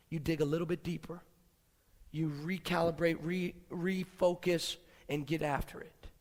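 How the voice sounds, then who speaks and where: A man giving a fired-up motivational business speech, swinging from low, quiet lines to shouting. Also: creaky. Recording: long hall reverb.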